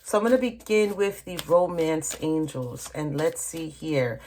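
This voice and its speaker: A woman with a notably low voice talks her way through a tarot reading at a table. She speaks casually and directly to the listener, often checking in with "okay?" and calling them "honey". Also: animated, measured pace, a little mellow, a little hiss or hum. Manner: chatty, addresses viewer directly, frequent "okay?" and "honey". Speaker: tarot reader.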